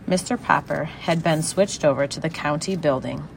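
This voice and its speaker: A woman narrating a children's storybook in an even storytelling manner. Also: deep voice, moderate pace, creaky, few pauses, a little hiss or hum, poor audio. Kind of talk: audiobook reading.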